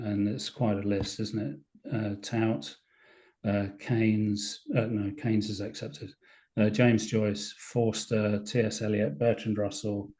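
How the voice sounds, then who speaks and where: A low-pitched man with an English accent lectures from slides. His tone is mellow and dark, and he speaks in a thoughtful, halting way with many small hesitations. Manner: thoughtful, reads quotations aloud, frequent hesitations. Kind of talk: public talk with slides.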